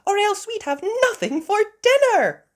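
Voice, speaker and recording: A woman voicing a fussy mother sheep in a children's storybook, with a shrill, exclaiming manner. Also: sing-song, measured pace, exaggerated voice. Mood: relieved.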